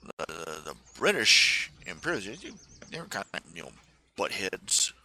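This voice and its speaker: A man's voice: low-pitched, sing-song, sharp tone. A man hosting a live stream, talking in a rambling casual monologue full of fillers and restarts. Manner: halting, many fillers and restarts, mocking put-on accents in quotes.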